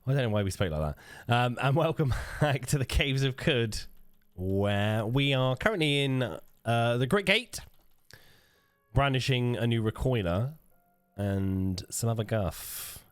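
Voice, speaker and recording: A man's voice: mid-range voice, lively intonation, measured pace, clean tone, dry recording, studio quality, soft background music. A man hosting a let's play, chatting casually to himself with swearing and jokes. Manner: muttering to himself, swearing, joking. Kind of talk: casual gameplay commentary.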